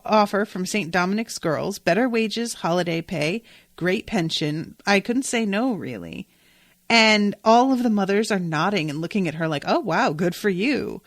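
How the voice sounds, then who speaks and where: A woman's voice: medium pitch, a bit bright, dry recording. Gushing woman podcast host, dry close mic. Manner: gushing, chatty, swears freely. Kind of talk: casual TV episode recap.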